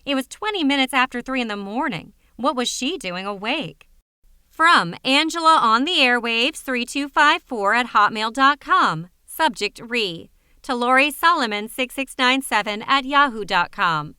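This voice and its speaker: A woman narrates an audiobook in a measured storytelling voice. Her tone is bright and crisp, with a dry, close sound. She pitches a little high. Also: lively intonation, no echo.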